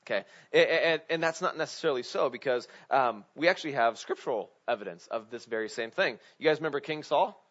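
A man's voice: medium pitch, animated, fast talker, few pauses, a bit bright. A man preaching a casual sermon, asking his congregation questions and leaning on filler words. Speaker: pastor. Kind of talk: conversational sermon. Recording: dull lo-fi recording.

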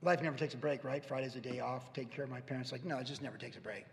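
A man's voice: mid-range voice, vocal fry. A man in his fifties, a pastor giving an earnest, storytelling sermon in a church. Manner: earnest, storytelling, pauses and restarts. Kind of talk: conversational sermon. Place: church sanctuary. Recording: echoey church hall.

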